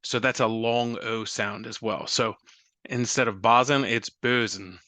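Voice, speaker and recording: A man's voice: on the low side, flat delivery, a little slow, bright, forceful tone, dry recording. A man hosting a casual spoken lesson, explaining pronunciation in a friendly way with occasional fillers. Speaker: host teaching a prayer.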